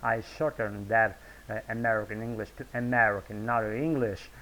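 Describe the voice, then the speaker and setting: A man's voice: on the low side, steady tone, normal speed, pushed and bright, rough recording. Rambling man with a Russian accent. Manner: rambling, hesitant, many fillers and restarts, swears freely. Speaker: video blogger. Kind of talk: unscripted off-the-cuff monologue.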